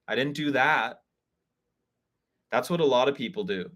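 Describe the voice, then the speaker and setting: A man's voice: mid-range voice, animated, moderate pace, long pauses, a bit bright. A man hosting an online spiritual call, giving candid, conversational advice on friendships and acting out bits of dialogue. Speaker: spiritual reader and community host. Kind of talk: live online call, casual advice talk. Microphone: video call.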